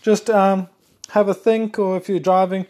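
A South African man hosts a casual solo podcast, chatting freely, jumping between topics and often correcting himself. His voice is a touch higher than typical for a man, his pace is a little slow, and excitement bursts out now and then.

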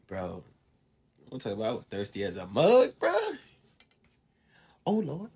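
A man's voice: lowish voice, wildly swooping pitch, normal speed, darkish tone, husky. A man co-hosting a casual chat, joking and slangy and often laughing.

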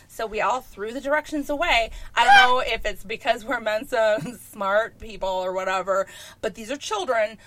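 A woman's voice: on the high side, normal speed, a bit bright. A woman host telling a comic story in casual chat, exasperated and swearing often, laughing as she goes.

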